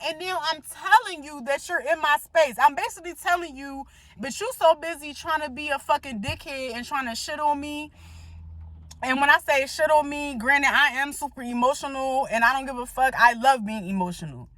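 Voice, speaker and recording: A high-voiced woman tells a story in an emphatic, swear-heavy rant, her delivery animated and pointed. The recording is dry and close, with no room sound. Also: moderate pace, no room sound. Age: adult. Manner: emphatic, profane, animated retelling. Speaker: vlogger.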